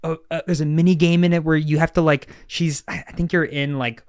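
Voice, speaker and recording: A man co-hosting a casual podcast, animated and laughing, with a lot of fillers and swearing. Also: a little high, fairly quick, smooth, no echo, studio quality. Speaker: podcast co-host. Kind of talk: casual chat.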